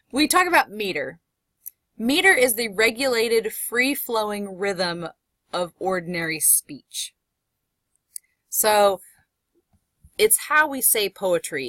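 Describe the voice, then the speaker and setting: A woman professor giving a recorded lecture, explaining step by step and reading poetry aloud slowly. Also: medium pitch, sharp tone, dry recording.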